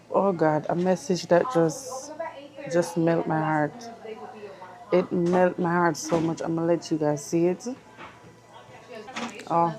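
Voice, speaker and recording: A young woman talking to her phone camera in a dentist's waiting room, emotional and slipping into patois. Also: fairly low pitch. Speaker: vlogger. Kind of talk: casual vlog chat.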